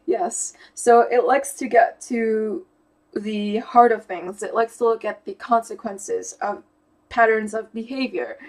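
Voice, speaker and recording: A woman's voice: fairly high pitch, poor audio. A young woman talking casually to camera, thinking aloud and searching for words as she explains how her mind works. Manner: thoughtful, searching for words with fillers and restarts. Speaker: YouTuber explaining personality type.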